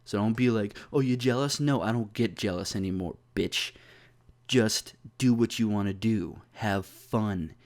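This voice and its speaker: A man's voice: on the low side, a little slow. A young man telling a personal story in a casual vlog, rambling and profane, full of fillers and restarts. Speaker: YouTuber.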